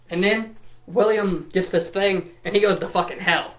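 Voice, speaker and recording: A man's voice: high-pitched, normal speed. Rambling profane man in an echoey room. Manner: rambling, profane, repetitive, jokey put-on voices. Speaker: lore recap commentator. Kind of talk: rapid comedic lore summary.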